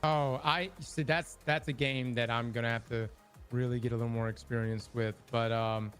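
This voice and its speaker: A male streamer chatting as a guest on a livestream, relaxed and friendly. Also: medium pitch, normal speed, faint music behind. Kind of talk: casual chat.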